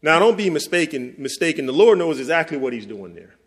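A male preacher delivering a sermon in a relaxed, conversational way, with a voice pitched a bit high for a man. He slows down and weighs each word when reading scripture aloud. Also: breathy edge. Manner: conversational, speaks directly to listeners; reads scripture slowly and deliberately.

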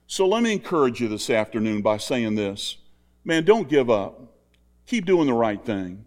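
A man's voice: medium pitch, sing-song, moderate pace, darkish tone. Older man preaching an earnest sermon. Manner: earnest, conversational, repetitive exhortation.

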